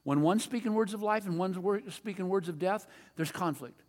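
A man's voice: sits high, normal speed, darkish tone, big-room sound. An older man preaching a sermon in a conversational way, repeating refrains and asking his audience questions.

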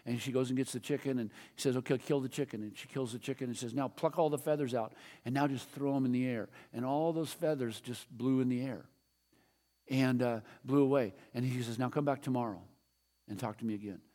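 A man preaching a sermon as pastor, animated, reading scripture and leading prayer. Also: medium pitch, fairly quick. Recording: long hall reverb.

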